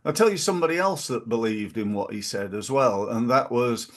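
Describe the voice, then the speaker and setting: A middle-aged man, hosting a podcast in a casual motivational monologue and jumping his pitch up to stress key phrases. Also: a little fast. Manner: animated, punches quoted catchphrases with big pitch jumps. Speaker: podcast host.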